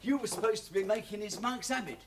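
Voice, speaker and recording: A man's voice: sits high, quick pace, background noise. An actor playing a grumbling, lecturing older grandfather in a TV drama. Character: gruff older grandfather, fussing. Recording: TV soundtrack with music behind.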